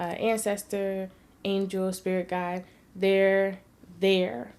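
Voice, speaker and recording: Woman, personal vlog storytelling, earnest, heartfelt, mid-pitched voice. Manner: earnest and heartfelt, shifting between hushed and emphatic. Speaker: vlogger.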